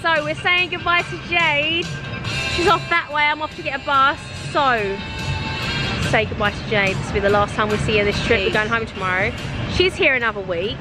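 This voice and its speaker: Young woman vlogger, chatty and emotional, clear music behind her. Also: sits high, normal speed. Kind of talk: casual travel vlog.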